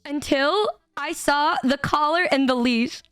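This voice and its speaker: A young woman streamer telling a story to her chat in a casual, animated way, laughing often and swearing freely. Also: high voice, takes it slowly, no echo, clean studio sound.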